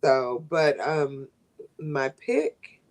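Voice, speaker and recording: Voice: medium pitch, big pitch swings, extremely slow. A podcast co-host in casual wrestling chat, sassy with joking asides.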